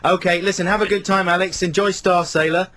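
A man's voice: high-pitched, little pitch movement, fairly quick, a bit bright. A man hosting a radio show, chatty and self-mocking. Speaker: radio DJ and co-host. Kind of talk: casual radio banter.

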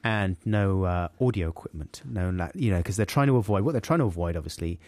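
A man telling a funny story as a podcast host, animated and playing out characters. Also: low voice, fast talker, no room sound. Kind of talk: comic storytelling.

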